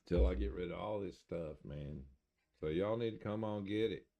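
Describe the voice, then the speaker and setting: Older male streamer, low gravelly voice, easygoing rambling chat with chuckles. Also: normal speed, mellow. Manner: rambling, folksy, chuckling to himself; talks of having an accent. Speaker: game streamer. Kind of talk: casual live-stream chat.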